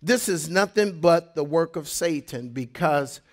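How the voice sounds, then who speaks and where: A male pastor preaching a sermon, animated, dropping to hushed tones for emphasis and telling stories with laughing asides. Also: fairly high pitch, unhurried.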